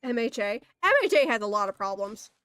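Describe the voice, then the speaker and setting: A woman's voice: medium pitch, animated, brisk, a bit bright, clean tone, no room sound. A young woman in a casual, exasperated ranting monologue, swearing often and laughing in disbelief. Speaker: streamer.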